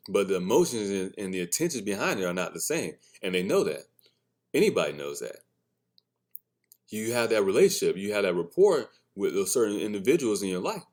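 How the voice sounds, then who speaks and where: A man's voice: lowish voice, very animated, brisk, a little mellow. A man hosting a casual solo podcast, telling candid stories as a father, swearing freely and laughing often at his own remarks. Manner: blunt, candid storytelling. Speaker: podcast host; father of a son and a daughter.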